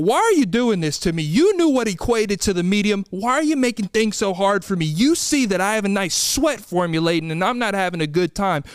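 A young man telling comic stories in exasperated, rapid rants, acting out what people said. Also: high voice, animated, clean tone, dry recording. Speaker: storyteller. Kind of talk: comedic storytelling.

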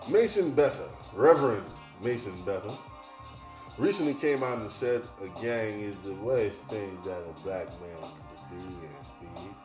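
A podcast host with a fairly low, expressive voice reads news headlines aloud a little slowly and rants about them bluntly, profanely and sardonically. The recording has a roomy echo and faint music.

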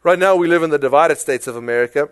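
A man with a South African accent preaching a sermon in a conversational, animated way, full of rhetorical questions. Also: a little high, fast talker, clear, resonant tone, no room sound. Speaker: pastor.

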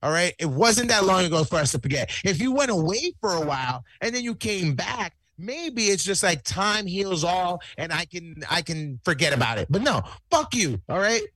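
A man's voice: high voice, big pitch swings, normal speed, hardly any pauses, fairly bright tone, dry recording. A man co-hosting a casual wrestling chat, ranting heatedly with lots of swearing.

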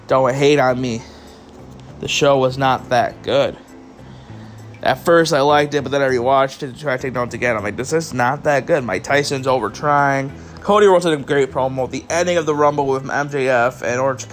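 Tired, rambling male podcast host. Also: mid-range voice. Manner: casual, rambling, swears, addresses listeners as guys. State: tired, yawning. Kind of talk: solo wrestling review podcast.

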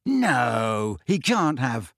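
A man voicing a blunt, excitable teenage schoolboy in an audiobook reading. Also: medium pitch, drawn-out words, gravelly, no echo, studio quality, full character voice.

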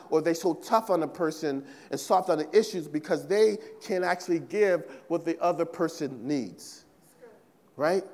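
A man's voice: on the high side, darkish tone, in a large hall. A male pastor preaching a sermon in a church, emphatic and repetitive, often checking in with the congregation. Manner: emphatic preaching, repeats phrases, asks "right?" often. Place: church sanctuary.

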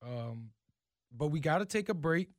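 A man's voice: a little high, animated, normal speed, no room sound, clean studio sound. A man with a Cajun accent hosting a sports talk show, who talks in a casual, hyped way and stumbles over words.

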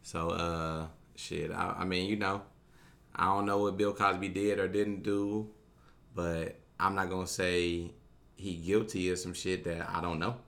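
Deep bright-toned guy, rambling and cussing while he argues in a casual chat. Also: little pitch movement, a little slow, gravelly. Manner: profane, rambling, argumentative. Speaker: podcast co-host.

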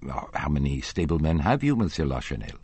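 A man's voice: rumbling low, big pitch swings, fairly quick, a little mellow, slightly rough, no echo, full character voice. A man voicing a hot-tempered opera manager who speaks brusquely and with exasperation.

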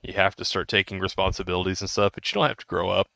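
A man's voice: low voice, flat delivery, racing, gravelly, sharp tone, no room sound, clean studio sound. A man in his thirties co-hosting a podcast, rambling casually with restarts and laughs. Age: 30s. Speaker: podcast co-host. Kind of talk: casual chat.

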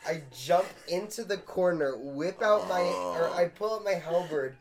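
Excitable man playing at a game table. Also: high voice, gravelly, crowd noise. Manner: excitable, argumentative, quick to laugh. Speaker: player. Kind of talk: tabletop role-play table talk.

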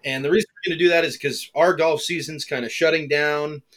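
A man's voice: on the high side, fairly even intonation, brisk, fairly bright tone. A man with an American accent co-hosting a golf podcast, chatting casually and animatedly, steering the show's segments. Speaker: podcast co-host. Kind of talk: casual chat.

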